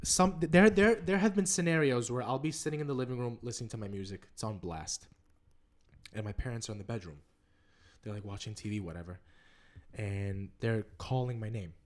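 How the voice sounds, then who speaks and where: A young man co-hosting a casual podcast, telling animated stories with swearing and impressions of his family. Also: medium pitch, brisk. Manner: animated storytelling, swearing, mimics family members. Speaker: podcast co-host. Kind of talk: casual chat.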